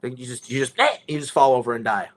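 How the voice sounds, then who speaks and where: A man's voice: mid-range voice, quick pace, a little mellow. A man telling a rambling story in casual conversation, swearing often and restarting his sentences. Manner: rambling, profane, many restarts.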